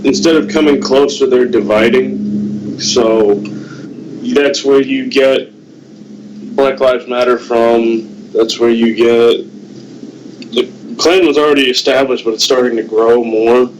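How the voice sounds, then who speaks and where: A middle-aged man from the United States, a guest on a Skype call, giving blunt, deliberate political opinions. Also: mid-range voice, steady tone, darkish tone, a little hiss or hum, rough recording. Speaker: guest, host's father.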